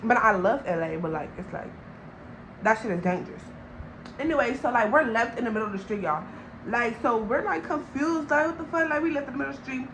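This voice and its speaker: A young woman from Long Beach tells a storytime vlog. Her voice sits a touch high, and she speaks in a loose, slangy way while addressing her viewers directly. A faint background hum sits under the recording. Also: expressive, fairly quick. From Long Beach, California. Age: young adult. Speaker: vlogger.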